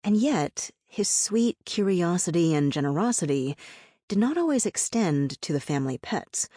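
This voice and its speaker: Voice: mid-range voice, big pitch swings, normal speed, mellow, no room sound. A narrator reading a personal essay as an audiobook, telling it in a wry, reflective way with dry humor. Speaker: memoir narrator.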